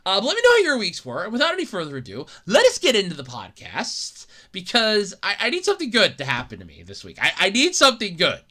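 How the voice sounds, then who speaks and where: An exasperated podcast host rants on their own, swearing freely and laughing often, with a voice that swings all over the scale. The tone is bright and forceful, and it climbs into shouts when the host gets worked up. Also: mid-range voice, huge pitch swings, quick pace, hardly any pauses. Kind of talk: casual solo podcast rant.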